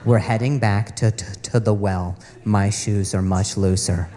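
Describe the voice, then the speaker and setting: A man in his thirties doing a stand-up comedy set, telling a story with lively stutters and acting out the people in it. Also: fairly low pitch, measured pace, long reverb tail, crowd noise. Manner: animated storytelling with stutters and acted-out quotes. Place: comedy club stage with a laughing audience. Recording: live club audio with audience noise.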